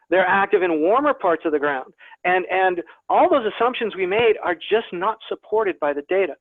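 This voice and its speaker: This plant scientist's voice sits high, with no echo in the sound. Talking to a naturalist club in an online lecture over a video call, he's chatty, pokes fun at himself, and repeats words a lot. Expect thin, phone-like call audio.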